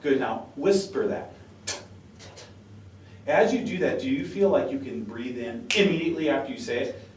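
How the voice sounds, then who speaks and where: A man's voice: mid-range voice, lively intonation, normal speed, long pauses. A man coaches a saxophone quartet in a chatty, encouraging way and sounds out syllables for the players. His voice carries the echo of a roomy space and comes from some distance off the mic. A faint ambient hum sits behind him. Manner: talkative, encouraging, demonstrates syllables aloud.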